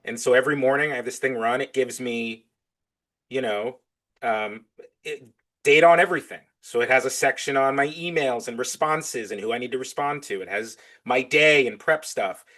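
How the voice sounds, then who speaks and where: A man's voice: mid-range voice, normal speed, bright, forceful tone. A man talking as a podcast guest in casual interview chat. He is enthusiastic and acts out both sides of his back-and-forth conversations.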